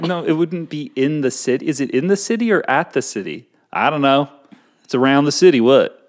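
A man co-hosting a casual talk show, his voice middle-pitched. He rambles and mocks himself, trailing off and restarting his sentences. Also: expressive, a little fast. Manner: rambling, self-mocking, many restarts. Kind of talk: casual chat.

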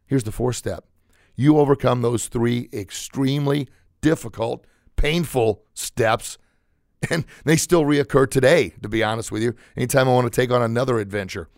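A man's voice: medium pitch, normal speed, no room sound, studio quality. A man hosting a podcast, giving an emphatic, conversational motivational talk that repeats its key points. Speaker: podcast host, motivational speaker.

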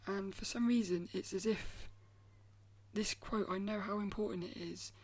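A woman hosting a solo podcast, talking in a thoughtful, musing way and often trailing off into soft, near-whispered asides. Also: medium pitch, steady tone, moderate pace, slightly rough. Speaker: podcast host. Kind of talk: reflective solo podcast talk.

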